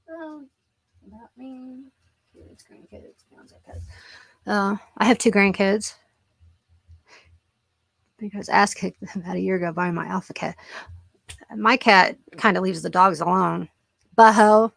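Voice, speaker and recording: Gravelly chatty woman laughing through stories. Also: medium pitch, measured pace, pauses often, fairly bright tone, no room sound, studio quality. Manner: rambling and jokey, laughs a lot. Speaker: live-stream host. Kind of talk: casual live-stream chat reading comments.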